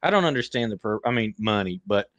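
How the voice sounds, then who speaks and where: A man co-hosting a casual podcast chat, throwing in quick jokes and questions. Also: lowish voice, animated, fairly bright tone. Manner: jokey, quick interjections. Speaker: podcast co-host.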